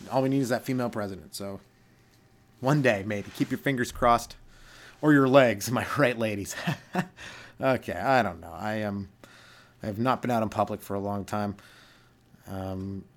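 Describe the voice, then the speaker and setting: Hosting his own podcast, a young adult comedian goes on a rambling solo rant and drops into silly voices for his jokes. He speaks at a moderate pace in a lowish voice, pausing often.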